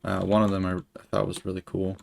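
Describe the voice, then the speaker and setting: A young man in his twenties tells a rambling, profanity-laced story while he streams a game. His voice sits low with a gravelly rasp. Faint keyboard clicks can be heard under his talk. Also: monotone, fast, darkish tone, a little hiss or hum. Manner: rambling, profane, filler-heavy. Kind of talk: casual storytelling while gaming.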